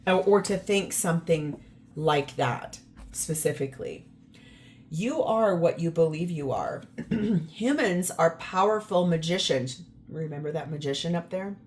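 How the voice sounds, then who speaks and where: A woman's voice: on the low side, measured pace, slight background noise. A woman giving a casual tarot reading to camera, emphatic and exasperated, often repeating words for stress. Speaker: tarot reader.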